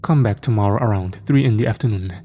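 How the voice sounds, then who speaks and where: A man's voice: lowish voice, warm tone, natural voice. A man voicing an elderly, stern but kindly old man with a German accent. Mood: friendly. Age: older. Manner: stern, measured.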